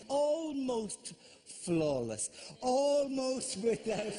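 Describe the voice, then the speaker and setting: An Irish man performing live stand-up comedy, rambling quickly and breaking into shouted, panicky asides. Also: high voice. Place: theatre stage. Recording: live venue with audible audience ambience.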